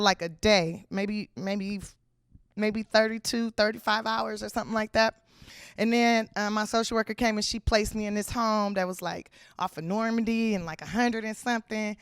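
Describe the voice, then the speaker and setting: A woman comedian from Los Angeles telling a comic story from her own life in slangy, animated speech. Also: mid-range voice, fairly quick, no echo, studio quality. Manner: animated, slangy, acts out the people in her stories.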